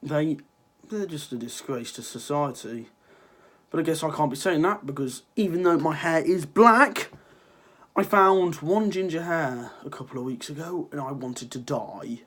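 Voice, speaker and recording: With a fairly bright tone on the high side, an Irish teen vlogger talks at normal speed. He's got a cold, sniffling through a sarcastic, rambling rant to his viewers, and he swears freely throughout this casual vlog.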